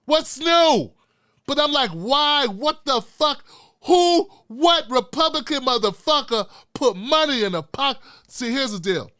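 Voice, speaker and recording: A man's voice: very high-pitched, animated, a little slow, bright, forceful tone, dry recording, studio quality. A man hosting his own show, delivering a heated political commentary rant full of constant swearing. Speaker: host.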